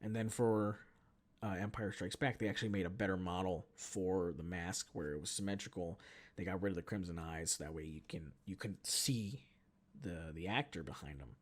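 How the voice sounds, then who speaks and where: A man in his twenties hosting a podcast, telling a story as a profane, animated casual rant. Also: low voice, moderate pace. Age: 20s. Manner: animated, profane, jumps between mumbling and shouting. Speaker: podcast host.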